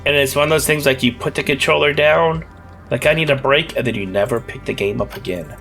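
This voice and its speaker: A man with a cough giving rambling, jokey, excitable commentary while playing a game. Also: mid-range voice, a little fast, faint music behind. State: has a cough. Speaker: let's play gamer. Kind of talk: casual gameplay commentary.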